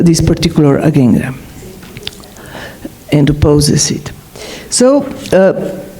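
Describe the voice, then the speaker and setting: Woman lecturing, slow and careful, lots of uh's, soft mellow tone. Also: mid-range voice, poor audio. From Slovenia. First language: Slovene. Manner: deliberate, with frequent hesitant fillers. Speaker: philosopher giving a lecture. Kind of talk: academic lecture.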